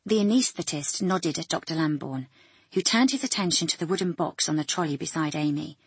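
Husky-voiced woman narrating an audiobook. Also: sits low, fairly quick, no echo.

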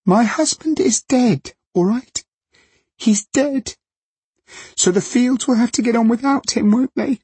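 A man's voice: very high-pitched, expressive, normal speed, dark tone, slightly rough, no room sound, voice pushed up, heavily acted. A man voicing a grieving widow whose voice cracks into a screech.

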